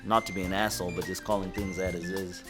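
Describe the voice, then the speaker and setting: A young man from Zimbabwe, joking and laughing loudly while drinking with friends outdoors. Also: deep voice, level tone, fast. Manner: loud laughing, joking, drunk. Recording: loud music under the voice.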